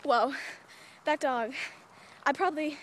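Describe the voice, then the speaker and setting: Young woman, high voice, breathless and giggly, chatty vlogger on a phone outdoors. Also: steady tone, slow pace, slight background noise. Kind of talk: excited casual storytelling. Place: outdoors by a cemetery. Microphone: phone camera.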